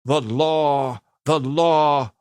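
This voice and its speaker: A man's voice: medium pitch, slow, no echo, voice pushed up, close to an everyday voice. A man voicing a pompous, blustering older governor who speaks weightily with heavy emphasis. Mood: pompous indignant.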